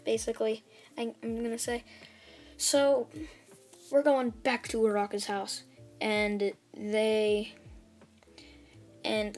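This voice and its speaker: A woman casually retelling a fan story, rambling and hesitant, with many restarts and "like"s. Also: mid-range voice.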